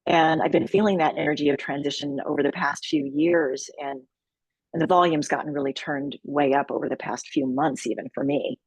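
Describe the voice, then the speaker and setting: A low-pitched woman with a husky edge speaks calmly and earnestly as an interview guest. She takes her time, with measured pauses. The sound is close and dry. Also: no room sound. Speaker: sexual healing retreat leader.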